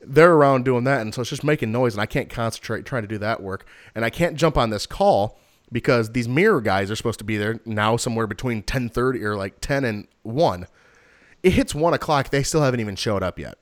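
A man's voice: mid-range voice, lively intonation, brisk, dry recording, clean studio sound. A young man casually telling a rambling, exasperated story to a friend.

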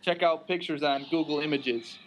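A man's voice: on the high side, steady tone, normal speed, slight background noise. A man co-hosting a podcast, talking in an easygoing way and laughing often. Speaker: podcast co-host. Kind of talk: casual podcast chat.

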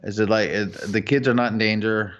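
A man co-hosting a casual chat podcast, swearing and ranting with loud bursts. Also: on the low side, steady tone, a little fast. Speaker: podcast co-host. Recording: dull lo-fi recording.

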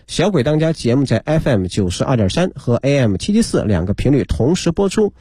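A male radio host rattling off a program announcement in a brisk, lively broadcast delivery. His tone is mellow and a touch husky. The sound is close and dry. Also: mid-range voice, dry recording.

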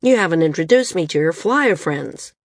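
A woman's voice: fairly low pitch, lively intonation, moderate pace, no echo, studio quality. A woman voicing a bitter young male outcast who answers with cold scorn. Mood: forced cheer.

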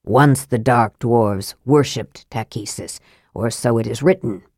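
Woman voicing a frail young male mage, cold, clipped and precise, lower and quieter than the narration, dry close recording. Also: measured pace, husky, no echo, full character voice. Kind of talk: audiobook dialogue.

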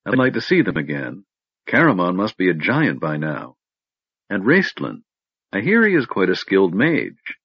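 A man's voice: deep voice, huge pitch swings, normal speed, breathy edge, dry recording, heavily acted. Een zelfverzekerde vrouwelijke legeraanvoerder, door een man gespeeld, plagerig en dreigend, levendig en hoger, doffe droge opname. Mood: eager. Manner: playful, pleasantly menacing. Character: confident, teasing female warrior commander. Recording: dull lo-fi recording.

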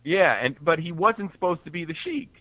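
A man's voice: on the high side, normal speed, no echo. Man on a tinny phone line. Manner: relaxed, chuckling, short agreeing replies. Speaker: podcast co-host on a call. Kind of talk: casual chat.

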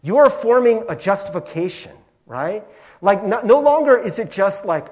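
A male pastor giving a conversational sermon, animated and chatty, peppering his talk with "like" and "right?". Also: sits high, normal speed.

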